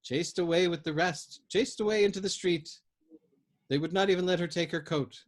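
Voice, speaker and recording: A man's voice: fairly high pitch, very animated, normal speed, breathy edge, voice pushed up. A mournful old woman with a lifted, keening voice, put on by a male reader. She wails and repeats herself, full of lament, in a read-aloud story. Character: grieving old woman, wailing and repetitive.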